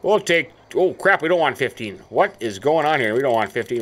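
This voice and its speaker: Animated, chatty man narrating gameplay. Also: medium pitch, a little fast, a little hiss or hum, low-quality recording. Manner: chatty, thinking aloud, frequent mild exclamations. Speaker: let's play host. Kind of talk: casual gameplay commentary.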